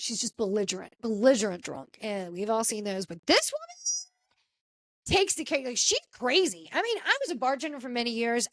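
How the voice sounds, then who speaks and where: A woman hosting a casual podcast, telling a story with lively acted-out quotes from the people in it. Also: moderate pace, no echo. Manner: animated storyteller, acts out quotes with pitch jumps. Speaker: podcast host. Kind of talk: casual chat recapping a reality show.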